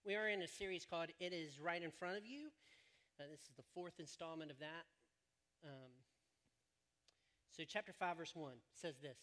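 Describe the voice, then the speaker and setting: Bright-voiced, joking pastor. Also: male voice, a little high, normal speed, long pauses. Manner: joking, rambling storyteller. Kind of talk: sermon. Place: church stage.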